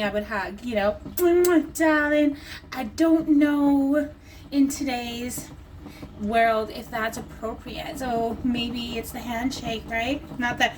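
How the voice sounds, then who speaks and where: A woman's voice: a little high, darkish tone. A woman chatting to camera at home as a vlogger selling nail strips, rambling and joking as she goes. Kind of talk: casual chat to camera. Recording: distant mic with clear background noise.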